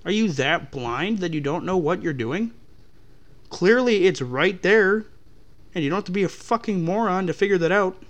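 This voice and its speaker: A man's voice: high voice, lively intonation, moderate pace. A young man hosting a podcast, ranting in a profane, exasperated way. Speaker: podcast host. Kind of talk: ranting about customers.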